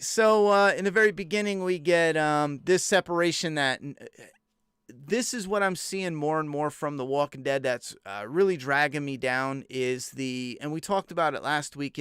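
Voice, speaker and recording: A man's voice: a little high, a bit bright, clear, resonant tone, no echo, studio quality. A young man reviewing a TV episode in an exasperated, incredulous rant, swearing freely. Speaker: TV show reviewer. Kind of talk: casual profane review rant.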